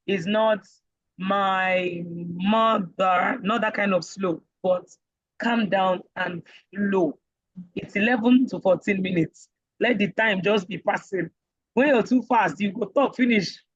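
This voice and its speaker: A Nigerian woman teaching a casual online speaking class, lively and joking as she acts out voices. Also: medium pitch, husky, no room sound, muffled recording. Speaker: IELTS speaking instructor.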